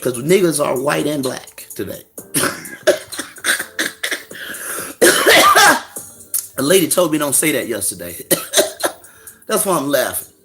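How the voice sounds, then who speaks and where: Man, gravelly voice, pitch swinging wide; fiery street preacher who taunts and jabs, faint music under him. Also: expressive, fairly quick. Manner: fiery, mocking, street slang, rhetorical questions. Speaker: religious commentator. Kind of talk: profane preaching rant.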